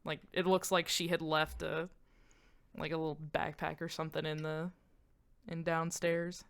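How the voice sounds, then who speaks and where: A woman's voice: sits low, flat delivery, normal speed, vocal fry, clean tone. A woman playing a tabletop game, narrating her character's actions in a casual, swearing, joking way.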